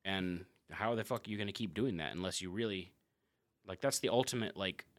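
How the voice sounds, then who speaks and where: A man's voice: deep voice, fairly quick, no room sound, clean studio sound. A man in casual, profane chat among friends, loose and laughing often.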